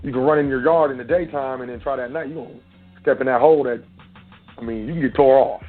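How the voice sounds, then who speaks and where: A man's voice: mid-range voice, fast talker. Man hosting a call-in show over a tinny line. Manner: street-casual, preachy, talks straight to listeners. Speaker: radio show host. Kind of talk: casual monologue on an internet radio show. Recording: tinny phone-line sound with faint music.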